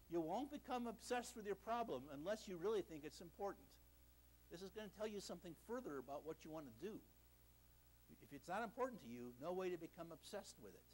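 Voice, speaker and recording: Animated older man giving a lecture. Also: high voice, rough recording. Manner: animated storytelling, self-deprecating humor. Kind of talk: university lecture. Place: lecture hall.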